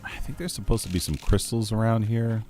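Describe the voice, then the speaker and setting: A man's voice: on the low side, fairly even intonation, brisk, a little mellow, faint music behind. A man streaming a game, chatting casually with his chat, laughing easily as he plays.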